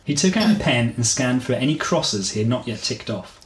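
A man reading his own story aloud to co-hosts, steady and measured, joking between passages. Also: mid-range voice, roomy sound, low-quality recording.

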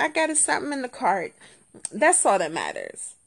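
A woman hosting a podcast, telling a story in casual chat with lots of repetition, jumping between low muttering and high, indignant exclaims. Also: sing-song, normal speed. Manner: colloquial, repeats phrases. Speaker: podcast host.

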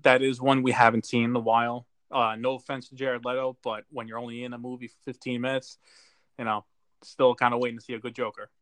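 A man's voice: medium pitch, little pitch movement, fast, a bit bright, no echo. A man co-hosting a casual movie chat, talking with enthusiasm and plenty of fillers. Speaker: podcast co-host.

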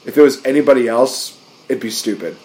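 A man's voice: medium pitch, fairly quick, a little mellow. A man co-hosting a podcast, chatting casually through a wrestling recap and acting out quotes in raised voices. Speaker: podcast co-host.

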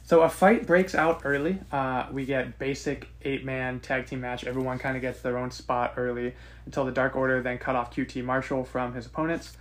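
A man's voice: medium pitch, flat delivery, moderate pace. A man co-hosting a podcast, recapping and rating a wrestling show in casual, joking chat. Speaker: podcast co-host.

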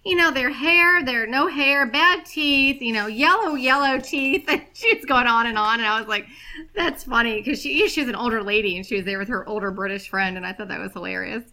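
A woman's voice: fairly high pitch, normal speed, few pauses, pushed and bright. A woman co-hosting a film podcast, chatting casually and telling stories with frequent laughter. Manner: chatty storyteller, laughs often. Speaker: podcast co-host. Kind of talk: casual chat.

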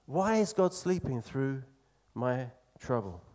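A man preaching a sermon in an earnest, conversational way, slowing down to stress key phrases. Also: mid-range voice, sing-song, a little mellow.

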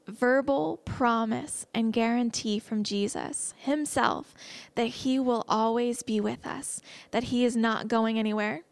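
Young woman preaching, kinda high voice, dry close sound, chatty and earnest. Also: gravelly, dry recording. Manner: earnest and conversational, slips into excited laughs. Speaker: speaker teaching a Bible message. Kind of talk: casual sermon.

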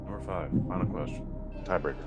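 A man co-hosting a comedy podcast, joking and rambling in relaxed banter. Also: sits low, fast talker, over music. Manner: laid-back, joking, rambling. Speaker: podcast co-host.

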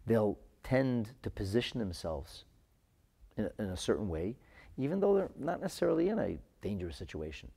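A man teaching a Chassidic class to viewers, animated, repeating words as he searches for the right phrasing, and dropping into his talk. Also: fairly low pitch, brisk, gravelly, breathy edge. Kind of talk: live-streamed Torah class answering viewer comments.

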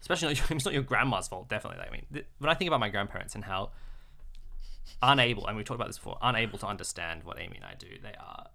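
A man co-hosting a podcast in casual chat, animated and quick with asides. His voice is bright and edged with gravelly fry. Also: lowish voice. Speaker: podcast co-host.

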